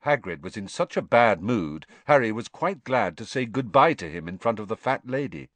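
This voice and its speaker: A man narrating a novel aloud in an expressive storytelling reading. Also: fairly low pitch, moderate pace, few pauses, dry recording. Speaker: audiobook narrator.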